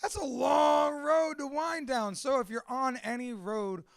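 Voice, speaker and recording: Man with a high, gravelly voice and dry sound; blunt, profane, animated live talk to an audience. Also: measured pace, no room sound. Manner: swears constantly, blunt and animated. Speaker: speaker at a live storytelling event.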